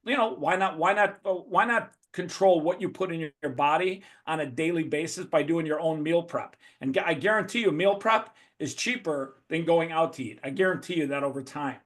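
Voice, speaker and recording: A man's voice: fairly high pitch, fairly quick, few pauses, a bit bright. A man giving a blunt, profane motivational talk as a guest speaker over a video call.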